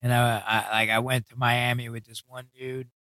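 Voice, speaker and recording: A man from New York City with a New York accent speaks in a mid-range voice that barely moves in pitch and sounds pushed and bright, with no echo. He's a guest in a casual interview, recalling his past. Blunt street talk, heavy swearing, and quick impressions of what other people said fill his stories.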